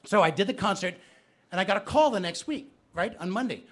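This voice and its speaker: A man's voice: high voice, expressive, brisk. A man telling comic stories live to an audience in a bookstore, chatting with the crowd. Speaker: storyteller.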